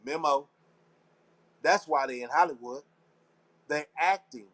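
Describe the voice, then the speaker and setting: Here a Texas man runs a casual live talk show, his fairly bright voice sitting on the high side at a measured pace. He rambles to listeners in slangy, preachy, conspiratorial fashion, often circling back to the same phrases.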